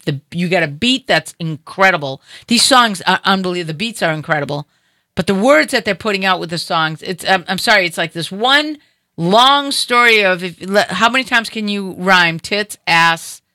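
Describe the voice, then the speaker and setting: A middle-aged woman hosting a casual chat, telling an animated story and acting out other people's voices. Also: medium pitch, moderate pace, dry recording.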